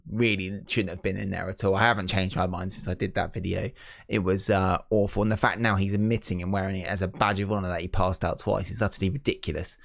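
A British man co-hosting a wrestling podcast, animated and sarcastic, exclaiming loudly. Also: fairly low pitch, vocal fry. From Britain. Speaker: co-host. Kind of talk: casual chat.

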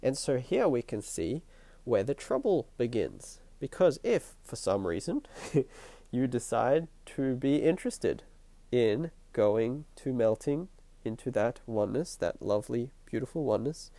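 A man hosting his own podcast with a stuffy, nasal voice and a croaky throat, musing in a reflective spiritual monologue and repeating his phrases as he thinks aloud. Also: mid-range voice, sing-song, measured pace, mellow, dry recording. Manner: musing, repeats phrases, chuckles between thoughts. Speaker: podcast host. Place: at home at night.

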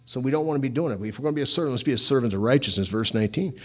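A man's voice: mid-range voice, lively intonation, rapid-fire, slightly rough. A man preaching a sermon, telling personal stories in a loose, chatty way and laughing often. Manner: casual storytelling, laughs often.

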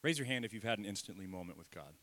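A middle-aged man preaching a sermon in a church, lively and self-deprecating, leading the congregation in call-and-response. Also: lowish voice, rapid-fire. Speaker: pastor. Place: church sanctuary.

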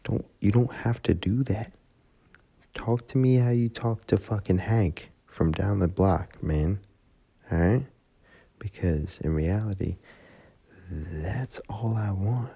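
A man's voice: low-pitched, measured pace, vocal fry, mellow, husky. A drunk man rambling into his phone, profane and heartfelt. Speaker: voice memo rambler.

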